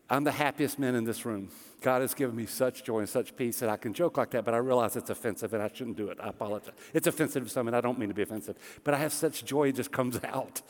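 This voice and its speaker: A middle-aged man, a pastor, preaching a sermon in a church sanctuary with earnest emphasis and rhetorical questions. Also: medium pitch. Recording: long hall reverb.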